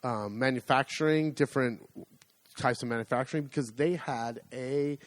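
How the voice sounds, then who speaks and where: A man's voice: mid-range voice, moderate pace, no room sound. A man from the United States co-hosting a podcast, telling long rambling anecdotes in a casual chat. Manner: rambling, chatty storytelling. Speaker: podcast co-host.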